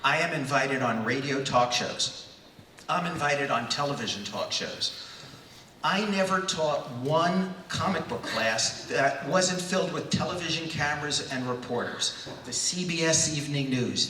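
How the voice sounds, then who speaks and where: Bright-voiced man in his sixties telling stories. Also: mid-range voice, slight background noise. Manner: animated storyteller who acts out voices. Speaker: panel guest. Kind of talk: stage anecdote at a fan convention. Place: large convention hall. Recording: echoey hall, far from mic.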